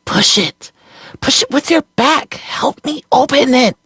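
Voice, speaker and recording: A reader putting on a sharp, urgent young girl. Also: mid-range voice, expressive, slow pace, breathy edge, dry recording, voice pushed up, heavily acted. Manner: urgent, insistent calls. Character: sharp-voiced young girl hiding in the wall.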